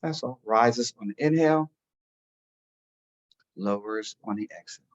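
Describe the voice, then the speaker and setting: A man guiding a listener through a calm breathing and relaxation meditation, giving slow, soothing instructions. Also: medium pitch, highs cut off. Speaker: meditation guide. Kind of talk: guided meditation.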